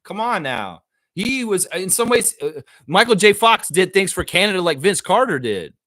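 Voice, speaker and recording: Excitable high-voiced man hosting sports talk. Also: normal speed. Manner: excitable, rambling and profane; slangy, talks straight to the audience. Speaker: sports talk show host. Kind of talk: casual live sports chat.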